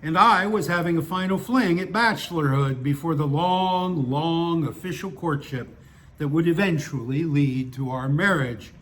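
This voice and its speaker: A man's voice: a little high, moderate pace, a bit bright. An older man reading his own stories aloud and breaking off into digressive, self-mocking asides. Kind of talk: story reading with chatty asides.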